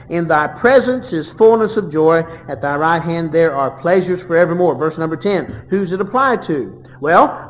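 A man preaching a sermon, reading verses aloud and swinging between loud and hushed delivery. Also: high-pitched, in a large hall.

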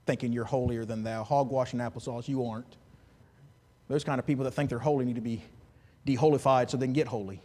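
A man preaching a sermon as a pastor, animated, swinging between loud and hushed, with chuckling asides. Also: mid-range voice, fast, in a large hall.

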